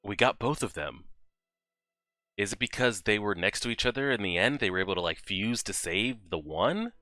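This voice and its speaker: Excitable man reacting to anime, bright-toned. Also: fairly low pitch, moderate pace, dry recording, studio quality. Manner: excitable, swears, talks back at the screen. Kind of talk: casual reaction commentary.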